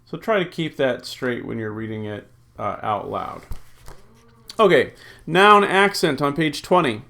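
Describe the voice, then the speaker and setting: A man teaching a recorded Greek lesson, slowly drilling word forms, reading out rules and thinking aloud with many ums and uhs. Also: medium pitch, animated, vocal fry, bright, forceful tone. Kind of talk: recorded classroom lecture.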